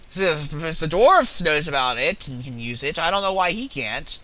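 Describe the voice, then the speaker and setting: A young man giving casual, profane, excitable commentary while playing a video game. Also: on the high side, moderate pace. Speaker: gaming video host.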